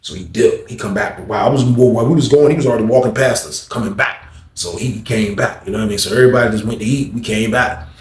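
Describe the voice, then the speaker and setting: A man's voice: on the low side, fast talker, echoey room. A man casually telling a story in a loose, slangy way, circling back and repeating himself. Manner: slangy, repetitive, acts out others' lines in a raised voice.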